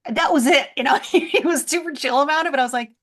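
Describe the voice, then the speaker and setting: Woman vet guest, chatty and animated, acts out the voices in her stories. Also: sits high, fast talker. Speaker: veterinarian guest. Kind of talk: casual podcast storytelling.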